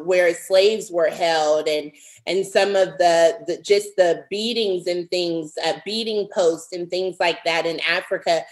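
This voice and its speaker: A woman's voice: mid-range voice, rough recording. A woman in her thirties, a pastor and author, speaking earnestly as a podcast guest, with heartfelt emphasis and repetition as she builds each point. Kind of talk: earnest interview conversation.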